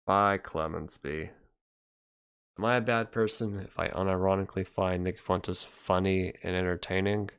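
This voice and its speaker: A man's voice: low-pitched, fairly even intonation, moderate pace, a bit bright, smooth. A young man hosting a casual livestream, chatting loosely and reacting to viewer comments as he rambles. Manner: rambling, reacts to chat, trails off. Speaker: livestream host reading chat.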